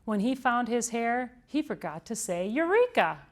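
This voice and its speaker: Woman voicing an earnest storybook housekeeper, chatty, fairly high voice. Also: big pitch swings, normal speed. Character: cheerful literal-minded housekeeper woman.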